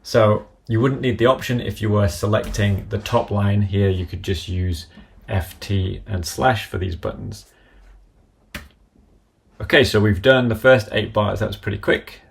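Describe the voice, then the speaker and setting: A man calmly demonstrating music notation software, calling out each keystroke and step as he goes. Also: lowish voice, measured pace, creaky, a little hiss or hum. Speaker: software tutorial presenter. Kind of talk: screen-recorded software walkthrough.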